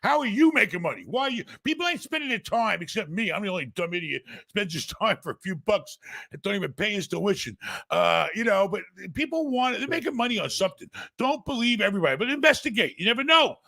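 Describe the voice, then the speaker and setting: An older man hosting a podcast, talking bluntly and profanely, mocking and often shouting. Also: high voice, big pitch swings, fast, creaky. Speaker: podcast host. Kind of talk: blunt casual chat.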